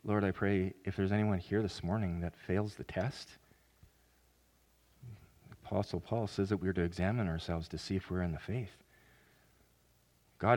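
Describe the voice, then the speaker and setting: A man preaching a sermon as pastor, earnest, with sudden loud emphatic rises. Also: low-pitched.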